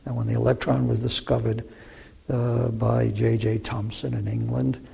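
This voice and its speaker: Older guy physicist telling old stories, rough raspy voice, lots of uh and restarts. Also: medium pitch, flat delivery, normal speed, warm tone. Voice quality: gravelly, raspy voice. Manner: rambling with many fillers and restarts. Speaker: physicist guest. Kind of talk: interview storytelling.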